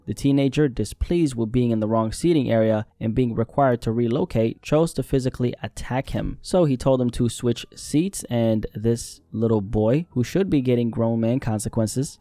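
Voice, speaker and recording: Male online commentator, warm mellow tone, earnest and emphatic delivery. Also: medium pitch, no room sound. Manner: earnest, emphatic, slows down to stress key words. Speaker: commentary channel host.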